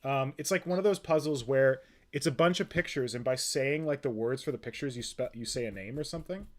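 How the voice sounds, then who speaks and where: A man's voice: medium pitch, a little fast. A man with a Canadian accent, chatting and joking casually while hosting a live stream. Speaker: streamer host. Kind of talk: casual chat.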